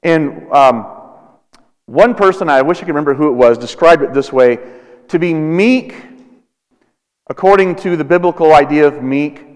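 Pastor, thirties, deliberate sermon delivery with long pauses, big hall reverb. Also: male voice, on the high side, clear, resonant tone. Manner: slow, deliberate preaching with dramatic pauses.

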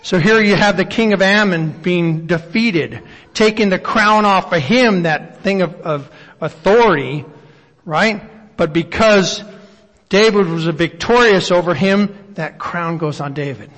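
A man's voice: sits high, measured pace, fairly bright tone. A man preaching a sermon, reading scripture aloud and posing reflective rhetorical questions. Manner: reads scripture aloud at length. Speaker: pastor. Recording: long hall reverb.

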